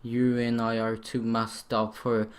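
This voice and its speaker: A man reading a calm, unsettling female club president's lines aloud in a quiet, slow, hushed way. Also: medium pitch, natural voice. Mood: eerie, insistent.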